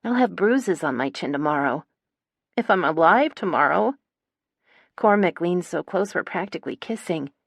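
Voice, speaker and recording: A woman's voice: on the low side, expressive, moderate pace, creaky, dry recording. A woman narrating a first-person romance audiobook in a wry, dramatic storytelling manner, on a close studio mic.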